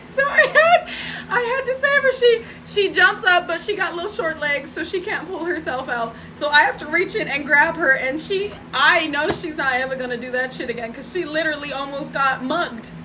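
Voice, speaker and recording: A chatty woman tells a story on a home live stream, laughing and turning to her viewers as she goes. Her voice sits high and sounds bright and sharp. A faint hum of the room sits underneath. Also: a little fast, few pauses, poor audio. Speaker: spiritual vlogger.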